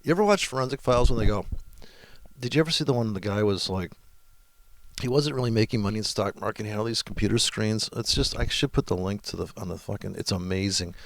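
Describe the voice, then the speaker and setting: Brief: low, gravelly man walking through a chart platform, offhand and mocking. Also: fast, no echo. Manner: rambling, sarcastic, crude asides. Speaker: forex trading presenter. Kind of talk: casual screen-share tutorial with mocking commentary.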